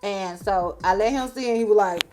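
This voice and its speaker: A woman's voice: medium pitch, moderate pace, darkish tone, faint music behind. A woman, a beauty vlogger telling a storytime, chatty, laughing often and acting out what others said. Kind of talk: storytime vlog.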